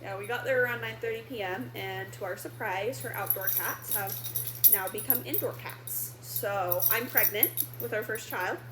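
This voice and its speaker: A young woman casually telling a family story alongside her husband, chatty and quick to laugh. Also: mid-range voice. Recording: echoey room with faint noise.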